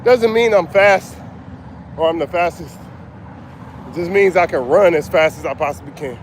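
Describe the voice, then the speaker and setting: Breathless high-voiced man coaching outdoors. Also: brisk. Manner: casual, reads out viewer names. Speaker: motivational coach. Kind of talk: outdoor livestream talk. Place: outdoors by a street. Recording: faint street noise outdoors. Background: traffic.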